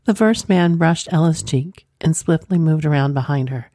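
A woman narrates an erotic story in a soft, sensual voice. Her tone is low, dark and mellow. The recording is dry and close, with no room sound. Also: normal speed, no room sound.

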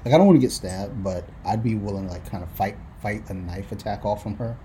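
A man's voice: lowish voice, fast talker, dark tone, slight background noise. A young adult man co-hosting a podcast, talking in a casual, crude, joking way and swearing a lot. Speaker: podcast co-host. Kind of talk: casual chat.

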